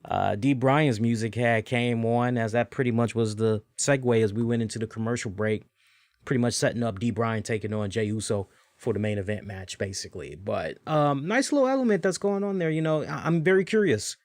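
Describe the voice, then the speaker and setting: A man hosting a casual solo wrestling review, rambling and animated, with lots of fillers and asides. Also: medium pitch, brisk, dry recording, clean studio sound. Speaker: wrestling show host.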